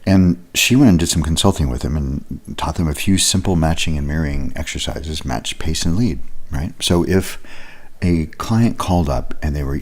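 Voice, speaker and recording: A man's voice: a bass voice, normal speed. A man giving a recorded leadership lesson, explaining exercises in a conversational way with occasional fillers. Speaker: leadership trainer.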